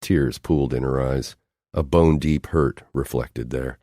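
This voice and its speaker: A man reading an audiobook as narrator, measured and dramatic, letting his phrases fall off at the ends. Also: very deep voice, dark tone, no echo, studio quality. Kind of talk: scripted narration.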